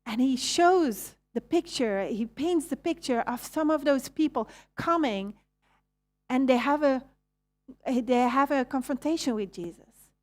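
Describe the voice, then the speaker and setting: Woman preacher, Belgian Dutch accent, a bit high-pitched, conversational and questioning. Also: expressive, measured pace. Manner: conversational, asks the audience questions; restarts and self-corrections. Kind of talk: sermon.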